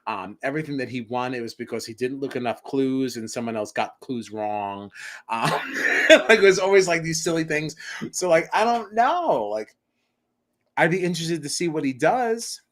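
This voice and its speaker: A man co-host chatting loosely about a reality show, talking at a middle pitch. His sentences wander and fill up with little fillers. He drops in playful teasing jabs along the way. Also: animated, moderate pace, fairly bright tone. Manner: rambling, lots of fillers, teasing. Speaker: podcast co-host. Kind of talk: casual chat.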